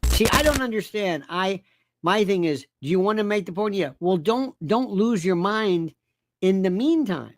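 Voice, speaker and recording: A woman's voice: mid-range voice, animated, moderate pace, noisy background. A woman speaking on a casual live panel chat, exasperated and emphatic.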